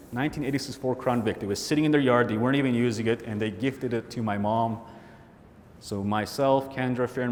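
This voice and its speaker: Man telling stories in a big hall. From Canada. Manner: animated storytelling, acts out friends' voices. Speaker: keynote speaker. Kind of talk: motivational keynote storytelling. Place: large hall with audience. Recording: hall reverb, faint rumble.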